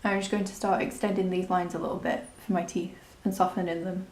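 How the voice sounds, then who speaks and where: A woman's voice: fairly low pitch, little pitch movement, fast talker, a little mellow, echoey room, a little hiss or hum. A woman talking through a makeup tutorial in a chatty, rambling, self-deprecating way. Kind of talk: casual step-by-step tutorial narration.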